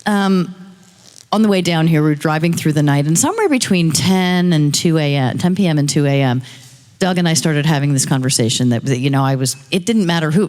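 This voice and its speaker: Animated woman telling a story in a hall. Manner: fast, lively storytelling with high-pitched acted quotes. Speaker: audience member sharing a story. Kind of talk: animated personal testimony.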